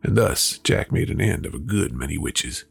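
A man hosts a folklore show, with a deep, gravelly and husky voice. He tells old tales in a folksy, lively way, his pitch moving up and down a lot, with faint music under him. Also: moderate pace. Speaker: folklore podcast host. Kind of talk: folktale storytelling and book review.

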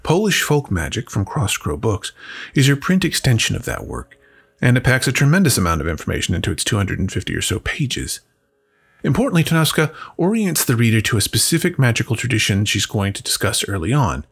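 Guy hosting a podcast, gravelly and raspy, reading his script with lots of expression. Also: mid-range voice, sing-song, fairly quick. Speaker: podcast host.

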